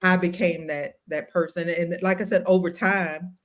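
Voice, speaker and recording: A woman co-hosting a podcast, speaking reflectively and haltingly, often breaking off and restarting her sentences. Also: fairly low pitch, steady tone. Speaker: podcast co-host. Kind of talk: casual chat.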